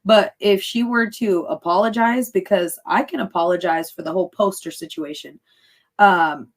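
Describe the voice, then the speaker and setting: A woman's voice: medium pitch, moderate pace. A woman in her thirties, a podcast guest, chatting casually and laughing often as she retells what others said to her. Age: 30s. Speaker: podcast guest, fighter and cake baker.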